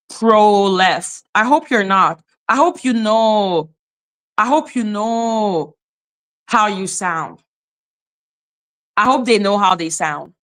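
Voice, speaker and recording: A woman's voice: mid-range voice, fairly bright tone. Blunt Canadian woman with a French accent. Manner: blunt, profane, indignant. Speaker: commentary channel host. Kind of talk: livestream commentary.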